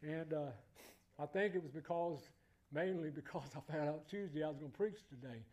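A man preaching a sermon in church, emphatic and repetitive, building to loud exclamations. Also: a little high, moderate pace.

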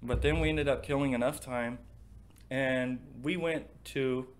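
A man's voice: mid-range voice, fairly even intonation, unhurried. A young man casually co-hosting a chat, telling a rambling story and swearing often. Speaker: podcast co-host.

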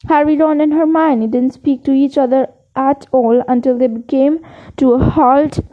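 A woman with a high voice reads a novel aloud. She often trips over words and corrects herself, and the recording sounds dull and lo-fi. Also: steady tone, moderate pace. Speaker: reader.

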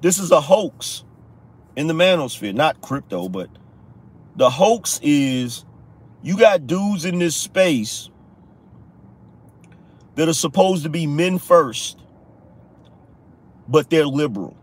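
Man ranting heatedly, fairly high voice. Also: expressive, takes it slowly, long pauses, slightly rough. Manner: heated, preachy, repeats lines for emphasis, profane. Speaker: political podcast host. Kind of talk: live-stream rant.

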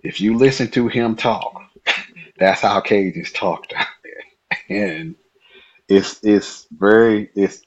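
A man from Nebraska, a podcast guest, telling a story in an animated way, laughing often and acting out the dialogue. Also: lowish voice, slow, long pauses, lo-fi sound. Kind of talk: casual storytelling.

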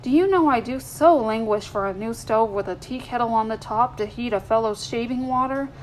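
A woman's voice: a little high, brisk, darkish tone, a little hiss or hum, close to an everyday voice, poor audio. A woman voicing a young man who jokes in a dry, mock-grave way. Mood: wry.

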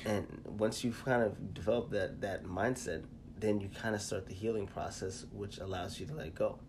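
Low-voiced man telling a story. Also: fairly even intonation, background noise. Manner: storytelling, halting with fillers and restarts. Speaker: podcast co-host. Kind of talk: casual chat.

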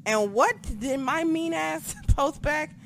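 Profane, animated young woman telling stories. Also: sits high, slow pace, gravelly, a loud crowd. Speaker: podcast co-host. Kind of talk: casual chat.

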